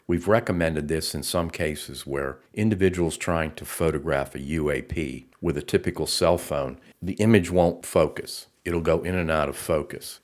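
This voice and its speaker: Guy with a super low voice walking thru slides on camera gear, steady explainer tone. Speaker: research group presenter. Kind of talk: narrated slideshow tutorial.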